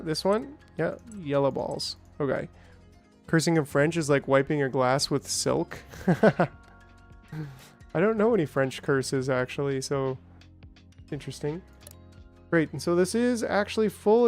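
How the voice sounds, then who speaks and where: A man giving casual, rambling commentary on his gameplay, chatting with viewers and now and then greeting them in playful, silly voices. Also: on the high side. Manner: chatty, reads out and answers chat, rambling asides. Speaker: gaming streamer.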